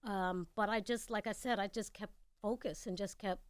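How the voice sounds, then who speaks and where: Woman, New York accent, mid pitch, talks straight and candid, guest in a dry radio studio. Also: fairly even intonation, normal speed, clear, resonant tone, dry recording. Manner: blunt, candid storytelling. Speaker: guest actor. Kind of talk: casual interview chat.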